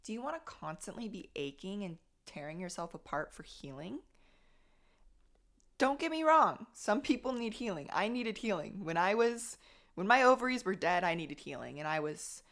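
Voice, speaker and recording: A woman's voice: mid-range voice, big pitch swings, normal speed, a bit bright. A young adult woman hosting her own podcast, telling a personal story in a candid, casual way and swearing freely. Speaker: podcast host. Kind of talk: casual solo reflection.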